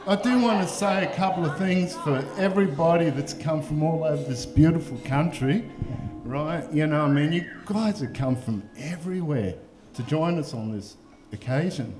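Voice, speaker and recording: A man's voice: a little high, moderate pace. A man giving a rambling, effusive wedding toast, laughing often. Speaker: wedding speech giver. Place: wedding reception hall. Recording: echoey hall with music and crowd.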